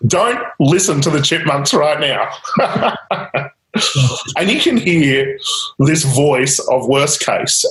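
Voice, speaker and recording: A change-technique coach, a man with a medium-pitched, fairly bright voice, leads a client through a live coaching exercise. He steers each step with repeated prompts and the occasional quick laugh, and the recording has a roomy echo.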